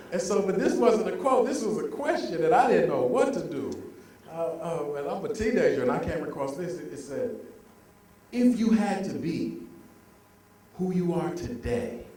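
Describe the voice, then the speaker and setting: A young man with a high, bright voice leads a motivational talk, pulling the crowd into call-and-response. He sounds far from the mic, and the big hall echoes heavily around him. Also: a little hiss or hum. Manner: lively, call-and-response with the audience. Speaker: motivational speaker. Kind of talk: motivational speech. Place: large room with an audience. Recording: very echoey hall, heard from afar.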